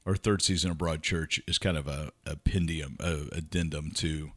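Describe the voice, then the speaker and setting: Podcast host, man, very low voice, dry close sound, steers casual chat. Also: fairly even intonation, moderate pace, a bit bright, no echo.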